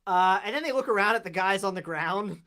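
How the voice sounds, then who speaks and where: A game master narrating a tabletop game in a casual, halting way, often stopping mid-sentence on fillers before moving on. The voice sits at a middle pitch and a steady, everyday level.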